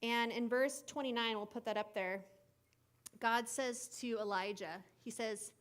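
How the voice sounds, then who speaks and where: A woman teaching children at a camp gathering, retelling a Bible story in a chatty, animated way with asides and filler words. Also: on the high side, measured pace.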